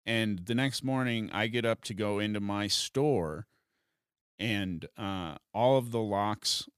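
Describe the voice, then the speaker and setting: A comedian telling a profane, animated story in a casual podcast chat. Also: male voice, fairly low pitch, slow pace, smooth, dry recording, clean studio sound.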